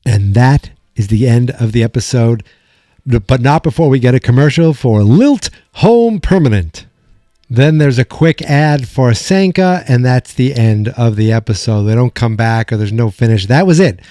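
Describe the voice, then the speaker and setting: A man's voice: mid-range voice, normal speed, no room sound, studio quality. Rambling man recapping an old sitcom. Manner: rambling, animated retelling with quoted lines. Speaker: podcast host. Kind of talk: casual episode recap.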